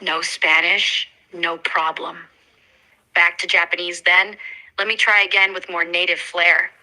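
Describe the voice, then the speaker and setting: Synthetic female assistant, low-pitched and very bright, polite and eager, always checking back. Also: level tone, unhurried, rough recording. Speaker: AI voice assistant on a call. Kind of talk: conversational assistant replies.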